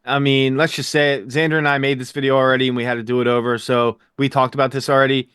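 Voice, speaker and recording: A man hosting a casual TV recap chat, energetic and jokey, with quick fast-talking asides, recorded indoors. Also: medium pitch, clean tone, dry recording, studio quality. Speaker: podcast host.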